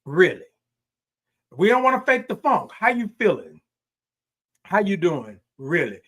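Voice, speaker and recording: A man's voice: sits high, huge pitch swings, measured pace, fairly bright tone. A man hosting a morning livestream show, chatting casually with viewers, reading their comments and calling back to them with a lot of repetition and laughter. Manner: upbeat, repetitive, call-and-response, frequent laughs.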